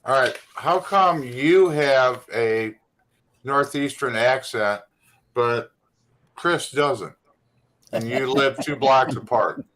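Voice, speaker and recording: A man's voice: medium pitch, slow pace, fairly bright tone, poor audio. A man chatting on a casual panel, plain-spoken and full of questions. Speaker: panel guest.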